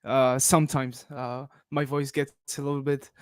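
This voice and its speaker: A man guest reporter with a non-native English accent, chatting casually on a podcast in a halting, apologetic way. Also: mid-range voice, flat delivery, clean tone, no room sound, clean studio sound. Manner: halting, apologetic, with many fillers.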